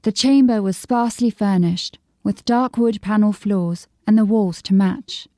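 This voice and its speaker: A woman narrating a fantasy audiobook in a measured, descriptive storytelling manner. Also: mid-range voice, warm tone, dry recording, studio quality. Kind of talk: scripted narration.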